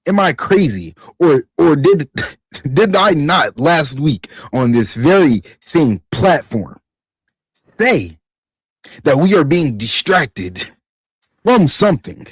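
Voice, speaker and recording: A man's voice: on the high side, slow, slightly rough, no echo. Podcast host, male, fired-up profane rants, voice leaping all over, dry close-mic sound. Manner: animated, profane, rising to near-shouting rants. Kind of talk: ranting podcast monologue.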